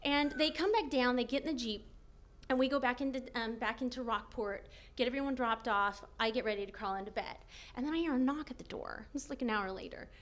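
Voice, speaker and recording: High-voiced woman telling a funny story. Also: brisk. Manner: animated, laughing often, acting out quotes. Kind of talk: comic personal story.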